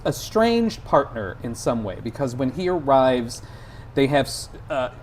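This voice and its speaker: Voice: medium pitch, very animated, measured pace, a little mellow, a little hiss or hum. A film podcast co-host chatting casually, searching for words with lots of fillers and restarts. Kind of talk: casual chat.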